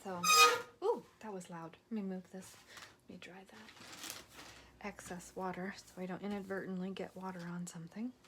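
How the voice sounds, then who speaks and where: Soft-spoken tired woman crafting. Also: fairly low pitch, fairly even intonation, normal speed, heavy background noise. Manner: soft-spoken, drifts into whispers while working. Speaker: crafting video host. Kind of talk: casual crafting chat.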